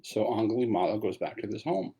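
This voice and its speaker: A man's voice: lowish voice, sing-song, brisk, warm tone, husky. A man giving a dharma talk as a meditation teacher, telling a story in a casual way with asides.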